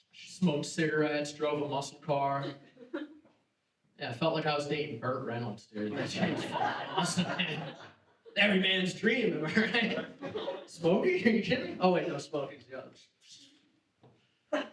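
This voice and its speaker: A man's voice: on the high side, expressive, moderate pace, a bit bright, far from the mic. A young man doing a stand-up comedy set on a theater stage, brash and self-mocking, swearing often. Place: theater stage before a live audience. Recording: echoey hall, mic heard from afar.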